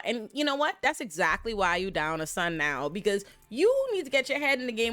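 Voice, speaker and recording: A woman hosting a casual TV recap, talking in an animated and profane way with sudden jumps in pitch. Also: brisk, few pauses, faint music behind. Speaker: TV recap host.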